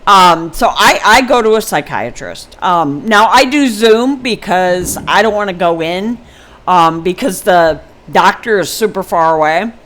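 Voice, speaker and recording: A woman's voice: lowish voice, lively intonation, unhurried, fairly bright tone, slight background noise. A woman in her fifties talking casually and frankly to her viewers in a personal vlog, rambling with many ums and restarts. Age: 50s. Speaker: vlogger. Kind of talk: casual personal talk to camera.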